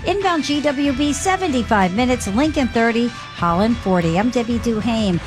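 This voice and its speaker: A woman giving a radio traffic report in a brisk, matter-of-fact way. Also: on the high side, expressive, music in the background.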